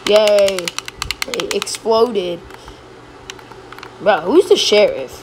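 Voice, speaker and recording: A woman streaming a game live, chatting casually and breaking into excited yelps when she is chased. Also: medium pitch, drawn-out words, noisy background. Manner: casual, says "bro" a lot. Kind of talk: live gameplay commentary.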